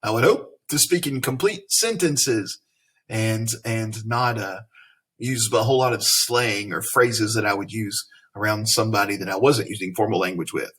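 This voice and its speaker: A man's voice: fairly low pitch, moderate pace, a bit bright, breathy edge. A man from Tennessee with a Southern accent, teaching a reading lesson in a folksy way and asking leading questions. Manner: folksy, explains then asks leading questions.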